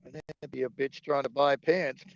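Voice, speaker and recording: Co-hosting a livestream, a man chats casually about politics, joking, swearing and laughing often. His voice is mid-range and creaky, and the stream audio sounds dull and lo-fi.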